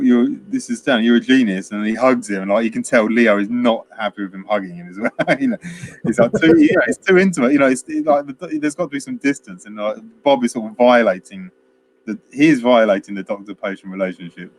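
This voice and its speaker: A man's voice: on the low side, fairly quick, a little hiss or hum. A man, chatting casually as a podcast co-host and retelling film scenes at length with many fillers. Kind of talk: casual film review chat.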